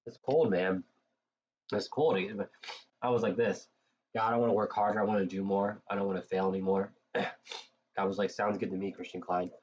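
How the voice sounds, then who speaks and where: A man's voice: on the low side, level tone, fairly quick, a little mellow. A man streaming live, chatting casually and profanely. He is tired and has a cold, and rambles with many fillers. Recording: dull lo-fi mic with faint noise.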